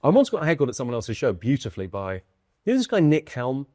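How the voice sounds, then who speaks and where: A British guest comedian tells stories in animated conversation, quick and lively, acting out quotes and breaking into bursts of laughter. His voice is medium-pitched, and the recording has no echo.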